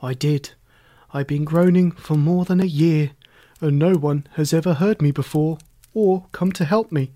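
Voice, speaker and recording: A reader voicing a loud polite tin man. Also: mid-range voice, normal speed, natural voice. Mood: pleading. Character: polite grateful tin man, rusted stiff.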